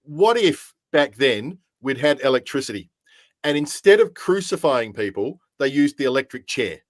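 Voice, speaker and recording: A man co-hosting a podcast who calls himself a secularist, chatting with wry, deadpan humor. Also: medium pitch, moderate pace, no echo. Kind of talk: casual chat.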